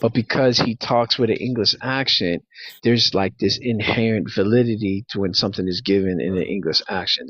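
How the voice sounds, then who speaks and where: A man's voice: on the low side, fairly bright tone, no echo, highs cut off. A man hosting a casual debate chat, laughing often and lecturing with profanity. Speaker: host.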